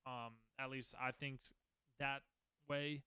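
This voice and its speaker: A man's voice: medium pitch, flat delivery, slow pace, bright, forceful tone, clear, resonant tone, no room sound. A man in his twenties hosting a podcast, telling his own story in a rambling, candid, profane way. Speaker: podcast host. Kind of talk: casual storytelling.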